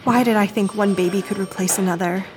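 A shaky, quiet, pleading voice of a grieving woman who has snatched a baby, as an actress plays her in an audio drama. She speaks at a middling pitch for a woman, unsteady and hushed. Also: steady tone, fast talker, noisy background, lightly acted. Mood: distraught confession.

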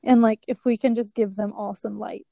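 A woman's voice: mid-range voice, flat delivery, moderate pace, gravelly, warm tone, no echo, low-quality recording. A woman on a faith podcast, reassuring her co-host and getting emotional herself.

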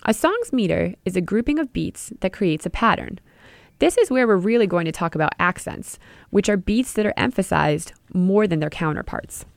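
Lively, dry-voiced woman teaching music. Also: mid-range voice, moderate pace, no room sound. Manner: clear, explanatory, addressing the listener directly. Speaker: podcast host and music teacher. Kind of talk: scripted educational narration.

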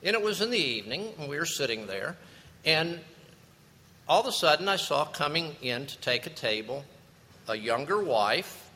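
A man preaching a sermon, telling a story with lively, animated delivery. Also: on the high side, normal speed. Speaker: pastor. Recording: long reverb of a large hall.

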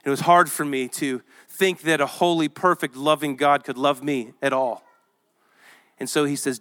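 High, bright-voiced male pastor preaching. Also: normal speed, smooth. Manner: animated, conversational preaching with scripture reading. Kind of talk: sermon. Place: church with children present.

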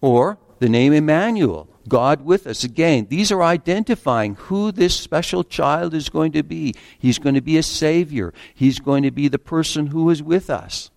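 A man preaching a sermon in an earnest way, slowing down to read scripture aloud and stumbling over the odd restart. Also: fairly high pitch, expressive, gravelly, darkish tone, dry recording, clean studio sound.

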